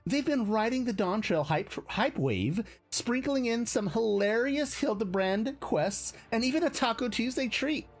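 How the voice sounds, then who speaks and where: A man voicing a bubbly young Valley Girl woman, gushing and airy with drawn-out "like"s, in a stream shoutout. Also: extremely high pitch, animated, voice pushed up, full character voice.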